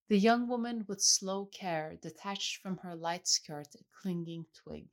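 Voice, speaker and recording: A woman reading a literary novel aloud in a measured, even way. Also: medium pitch. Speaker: audiobook reader. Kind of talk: literary audiobook narration.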